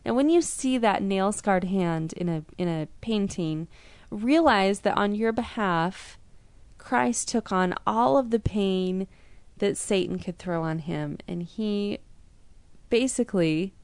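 A woman's voice: medium pitch, a little mellow, clean tone, no echo. Earnest woman hosting a devotional. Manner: earnest, conversational, with frequent restarts. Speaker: devotional podcast host. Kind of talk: devotional storytelling.

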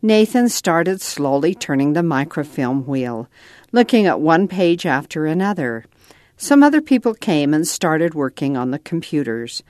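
A woman narrating a children's storybook aloud in an expressive, lilting manner. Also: low voice, dry recording, clean studio sound.

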